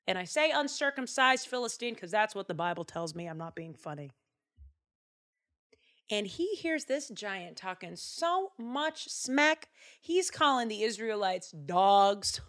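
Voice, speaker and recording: A woman casually retelling a Bible story, animated and chatty with jokey asides. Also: medium pitch, a little slow.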